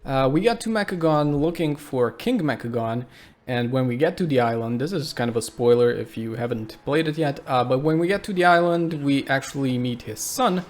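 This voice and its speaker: A man's voice: mid-range voice, normal speed. A man hosting his gaming channel, talking casually with lots of hesitant "uh"s. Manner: relaxed, conversational, many filler "uh"s. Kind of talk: casual video commentary.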